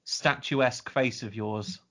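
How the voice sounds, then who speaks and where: A man's voice: mid-range voice, steady tone, slow, fairly bright tone. A man co-hosting a casual podcast, reading listener emails aloud and laughing often. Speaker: podcast co-host. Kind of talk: casual chat.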